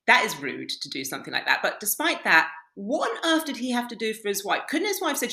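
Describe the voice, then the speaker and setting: Animated blunt woman, roomy sound. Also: mid-range voice, quick pace. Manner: blunt, animated storyteller who swears and laughs. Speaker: podcast guest, dating coach. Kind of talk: casual podcast conversation.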